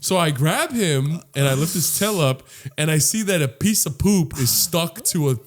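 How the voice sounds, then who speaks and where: A man's voice: on the high side, moderate pace. A young man co-hosting a casual podcast, telling a crude story with lots of laughter and acted-out voices. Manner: animated storyteller, laughs often, acts out voices. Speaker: podcast co-host.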